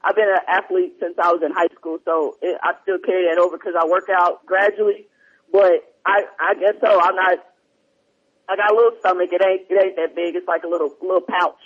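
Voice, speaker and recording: This podcast host's voice is high, fairly quick and a bit bright, with a breathy edge and fairly even intonation. He reads listener emails in casual, rambling talk show banter, easily distracted. The remote headphone line sounds dull and lo-fi.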